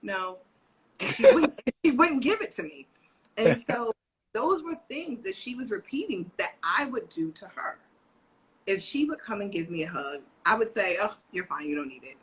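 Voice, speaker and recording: With a fairly high, breathy-edged voice at a moderate pace, this co-host and parent educator chats casually on a live parenting video call. She brings her family stories to life, imitating her daughter's voice, and the recording quality is low.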